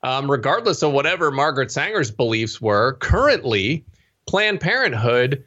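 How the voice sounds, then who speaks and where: Animated male guest on dull remote audio. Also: mid-range voice, moderate pace. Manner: animated, acts out quoted voices. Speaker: guest, managing editor. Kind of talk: casual political talk.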